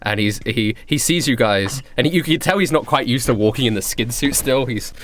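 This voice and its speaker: A man narrating as game master of a tabletop game, in a relaxed, halting way. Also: medium pitch, slight background noise.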